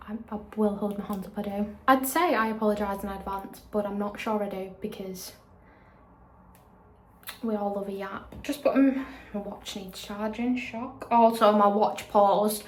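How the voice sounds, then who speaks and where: A woman's voice: medium pitch, steady tone, normal speed, a little hiss or hum. A young woman, an online fitness coach, chatting casually to camera at home in a rambling way that repeats itself. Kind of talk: casual vlog chat.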